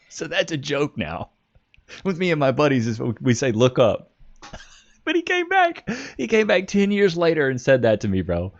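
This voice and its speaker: Lively young man telling stories on stream. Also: on the high side, normal speed, muffled recording. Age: 20s. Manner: animated storytelling, swearing, laughing. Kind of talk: casual stream chat reacting to comments.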